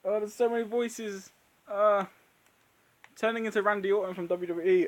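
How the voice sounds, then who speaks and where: A man's voice: high-pitched, steady tone, moderate pace. A man with a sore throat from being unwell, hosting a casual live Q&A chat, laughing often and trailing off mid-sentence. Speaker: channel host.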